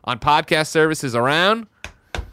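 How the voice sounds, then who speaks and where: A man's voice: fairly high pitch, moderate pace, a little hiss or hum. Upbeat man in his thirties hosting. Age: 30s. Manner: energetic, upbeat show patter. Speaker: show host. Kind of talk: casual podcast chat.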